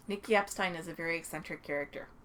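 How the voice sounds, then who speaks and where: A woman's voice: fairly low pitch, fast talker, fairly bright tone. A Canadian woman co-hosting a podcast, chatting casually and telling stories with lots of laughter and acted-out quotes. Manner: chatty storyteller, laughs often, acts out quotes. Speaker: podcast co-host. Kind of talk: casual chat.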